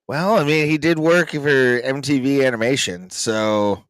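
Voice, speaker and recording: A man's voice: medium pitch, a little slow, a little hiss or hum. A man co-hosting a casual comedy podcast, trading dry wisecracks with swearing. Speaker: podcast co-host.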